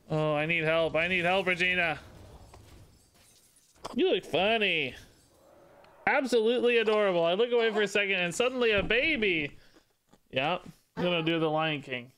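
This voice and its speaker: A man's voice: moderate pace, long pauses, pushed and bright, a little hiss or hum. A man streaming a card game live, chatting casually and cooing in baby talk between his commentary on the game. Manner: bouncy, sing-song pitch jumps.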